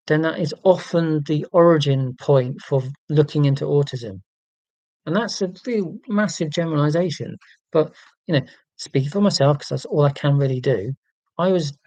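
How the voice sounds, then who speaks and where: A man's voice: on the high side, darkish tone, no room sound, rough recording. A man hosting a casual livestream, reading out viewer comments and talking in an earnest, rambling, self-deprecating way with many ums and restarts. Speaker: livestream host.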